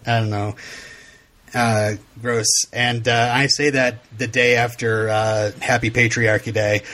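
A man's voice: mid-range voice, level tone, measured pace, fairly bright tone. A man hosting a podcast in casual discussion, wry and joking.

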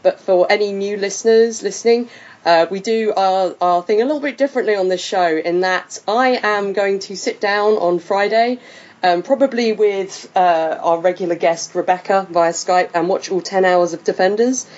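A woman's voice: medium pitch, moderate pace, darkish tone, lo-fi sound. A British woman hosting a podcast in casual chat, rambling with many fillers. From Britain. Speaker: podcast host.

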